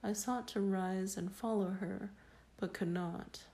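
A woman reading a first-person story aloud in a slow, solemn and measured way. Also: mid-range voice, fairly even intonation, mellow. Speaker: reader. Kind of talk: dramatic audiobook narration.

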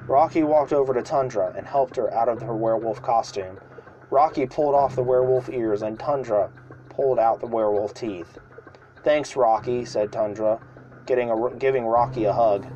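A man's voice: mid-range voice, dull audio. A man reading a homemade story aloud, stumbling and restarting now and then. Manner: reads with slips and restarts, shouting the screams. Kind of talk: amateur read-aloud storytelling.

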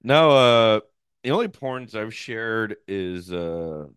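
A man's voice: lowish voice, animated, takes it slowly, a bit bright, clear, resonant tone, dry recording. A man co-hosting a podcast in casual chat, crude and laughing a lot, often slipping into mocking voices. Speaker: podcast co-host.

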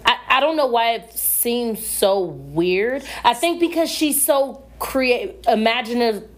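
Lively-voiced woman co-hosting a chatty podcast. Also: fairly high pitch, a little slow. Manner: animated, slangy, trails off mid-sentence. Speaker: podcast co-host. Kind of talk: casual chat.

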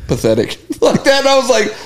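Podcast co-host, a man, slightly high voice, casual and laughing, acts out the quotes in his stories. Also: lively intonation, a little fast, slight background noise. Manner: laughs often, retells clips with acted quotes. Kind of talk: casual chat.

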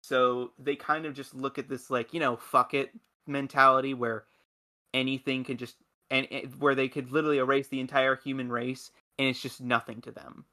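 A man's voice: mid-range voice, flat delivery, moderate pace, pushed and bright. A man in casual podcast chat, rambling and enthusiastic, with many restarts. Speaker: podcast host.

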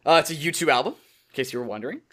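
Young male podcast co-host, high-pitched and swooping, animated casual storyteller. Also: very fast, a crowd in the background. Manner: animated storytelling with quoted voices. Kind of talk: casual chat.

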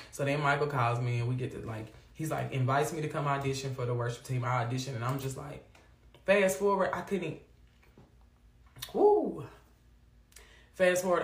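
A woman hosts a live faith talk, speaking in an animated, preachy, down-to-earth way to her viewers. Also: very deep voice. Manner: animated, preachy Southern-flavored vernacular. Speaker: host of a faith livestream. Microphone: phone or webcam on a live stream. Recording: echoey room.

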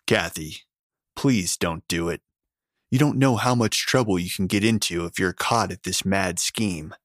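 A man reading a story, voicing a loyal young man who pleads in urgent, hushed tones. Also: low voice, measured pace, no room sound, studio quality. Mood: pleading, urgent.

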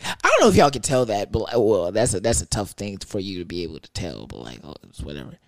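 A young man telling a casual story in an animated, profane, rambling way. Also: lowish voice, quick pace, vocal fry, no echo, studio quality.

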